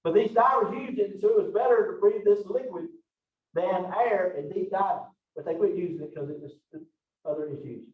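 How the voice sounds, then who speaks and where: A man's voice: high voice, moderate pace. A man teaching an anatomy lecture in a casual, chatty, folksy way. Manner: folksy and chatty, Southern phrasing. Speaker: college anatomy and physiology instructor. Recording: echoey, distant, dull lo-fi room recording.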